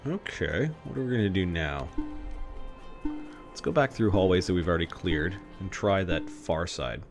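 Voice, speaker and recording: Playful low-voiced man streaming a game. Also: animated, normal speed, music in the background. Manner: playful, muttering asides to himself, sometimes hushed. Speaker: streamer playing a retro computer role-playing game. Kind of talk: live game commentary. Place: home streaming setup.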